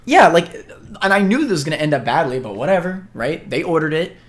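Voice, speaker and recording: A young man on a casual podcast who tells stories at a steady pace, with a lot of "uh" and "like". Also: on the high side, a little fast. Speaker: podcast co-host.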